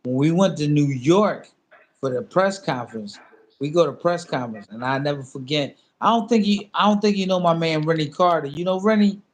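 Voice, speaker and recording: Speaking briskly in a slightly high voice, a man in his fifties who used to box recounts a story during a relaxed sit-down interview. He performs both ends of phone calls with animation, and his phrasing is loose, repetitive, and packed with fillers.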